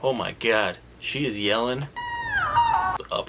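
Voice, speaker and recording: A man giving a sarcastic, animated comedic recap of a movie, mocking the scenes and popping into quick silly voices for the characters. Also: lowish voice, very noisy.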